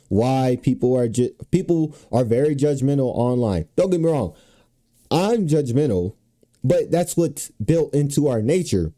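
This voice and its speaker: With a medium-pitched, dark voice, this streamer reacts casually, tossing out "bro" and "you know what I'm saying" in loose, slangy, filler-heavy talk.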